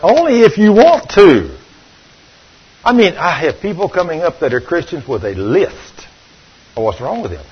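An older man preaching a sermon, telling stories and swinging between loud and hushed. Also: on the high side, big pitch swings, normal speed, breathy edge. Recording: dull lo-fi recording.

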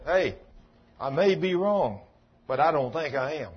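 A man's voice: on the high side, animated, moderate pace, husky, dull audio. A man preaching a sermon in a folksy, emphatic way, telling stories and acting out the dialogue. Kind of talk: sermon with storytelling.

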